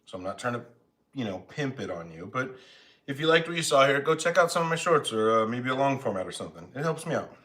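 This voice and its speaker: Quick and a bit bright, his mid-range voice makes big pitch swings as he eats and chats casually on a live stream from home. The talk is rambling and self-mocking, picked up by a phone.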